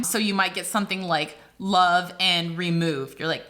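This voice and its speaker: A woman's voice: lowish voice, fairly even intonation, normal speed, a bit bright. An American woman explaining poetry in a casual video lesson, chatty and full of asides. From United States. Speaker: literature teacher.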